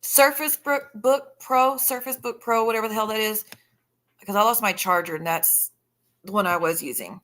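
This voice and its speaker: Bright, blunt woman livestreaming. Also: medium pitch, normal speed. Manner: blunt and profane, chatting with viewers while scrolling. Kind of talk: casual live-stream commentary.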